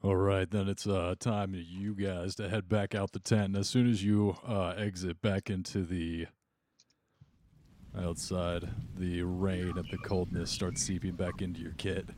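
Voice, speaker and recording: A man with a very deep voice runs a tabletop game, describing scenes at an easy pace with the odd filler. Rain and thunder are clearly heard behind him. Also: level tone, measured pace, a little mellow, a little hiss or hum. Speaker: game master.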